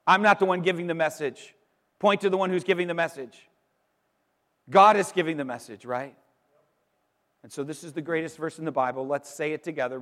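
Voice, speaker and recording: A middle-aged man preaching an Easter sermon as pastor, emphatic, pausing for effect and repeating words as he builds. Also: a little high, a bit bright. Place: church sanctuary. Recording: long reverb in a large hall.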